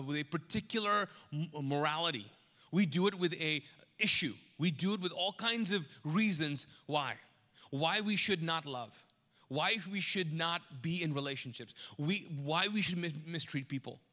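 Pastor, male, bright and fairly high voice, chatty live sermon, acts out Bible characters, reverberant church hall. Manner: conversational, asks the congregation to answer. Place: large church auditorium.

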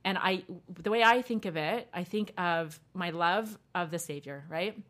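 A woman with a lowish voice hosts a faith podcast. She explains ideas gently and affirms her co-host with warmth. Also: moderate pace.

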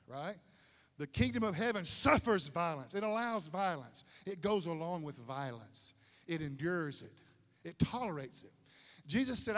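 A man preaching a sermon in a lively, conversational way with slang asides, in a large stadium. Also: high voice, unhurried. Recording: long hall reverb.

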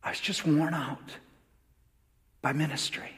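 Male pastor, slightly high voice, sermon in a church with long reverb; drops to near-whispers, then builds to fervent, repeated calls. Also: fairly even intonation, unhurried, husky. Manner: swings between hushed, near-whispered asides and loud, fervent preaching; repetitive, rousing phrasing. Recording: reverberant hall sound.

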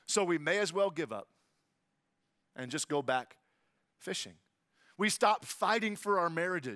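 A man preaching a sermon, telling the story with animated, jokey asides that swing from quiet to loud. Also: high voice, dry recording. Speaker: pastor.

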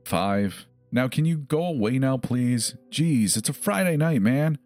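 A man's voice: mid-range voice, expressive, unhurried, a little mellow, no echo, faint music behind, pitched above the performer's own voice, close to an everyday voice. A man voicing a dazed young man who is fed up with medics in a scary story. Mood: exasperated. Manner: exasperated.

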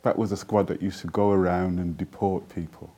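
Mellow low-voiced man telling stories earnestly. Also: little pitch movement, brisk. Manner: earnest storytelling, recites his own verse. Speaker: guest, poet. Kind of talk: interview conversation.

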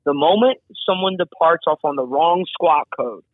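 A fairly high-voiced man, an air traffic controller, talks through his work in a chatty, animated way, piling on asides and acting out radio calls. His voice arrives dry and tinny, as if over a phone line. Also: moderate pace, dry recording. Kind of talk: casual interview explanation.

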